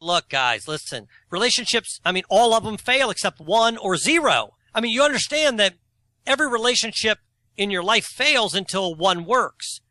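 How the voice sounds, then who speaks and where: A man in his forties tells a long, self-mocking story in a casual podcast chat. His voice sits high and very bright, and his pitch swings widely. The sound is dry and close. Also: sing-song, normal speed, dry recording. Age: 40s. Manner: rambling storyteller, self-mocking, laughs at himself; opinionated and argumentative. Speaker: co-host.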